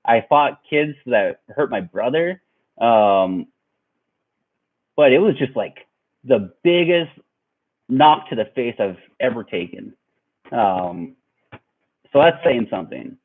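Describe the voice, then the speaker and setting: A young man casually telling a rambling story to his viewers, animated and laughing along. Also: medium pitch, slow, long pauses. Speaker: vlogger. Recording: tinny phone-like audio.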